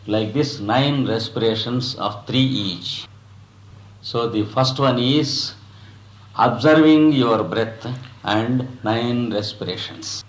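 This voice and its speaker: A man guiding a breathing practice as a yoga teacher, speaking in slow, measured phrases with long pauses between them. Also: on the low side, roomy sound, poor audio. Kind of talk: guided breathing instruction.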